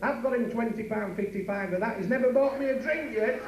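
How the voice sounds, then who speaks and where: Club comic, man, high and brash, bawdy patter; heard from far off in a noisy, echoey room. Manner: bawdy, rapid patter with asides to the crowd. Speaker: club comedian. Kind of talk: stand-up comedy. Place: working men's club stage.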